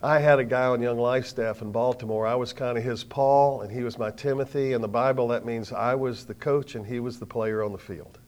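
Telling his sermon like a story, an older man moves between quiet passages and sudden loud outbursts, pausing for drama. His pitch is medium and his intonation fairly even.

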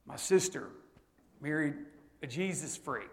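A middle-aged man preaching a sermon, telling stories that swing from hushed to loud and emphatic. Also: fairly high pitch, normal speed.

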